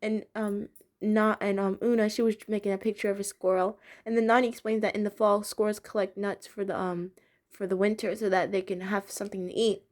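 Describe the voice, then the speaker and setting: A woman's voice: medium pitch, flat delivery, a little fast, darkish tone. A young woman casually reviewing a cartoon episode, chatty and giggly, with many fillers and restarts.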